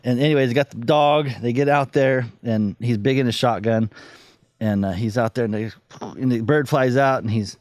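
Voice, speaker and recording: A man's voice: mid-range voice, moderate pace, dry recording, clean studio sound. A man guesting on a podcast, chatting casually and telling funny anecdotes, acting out the voices in them. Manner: animated storyteller, acts out voices in anecdotes.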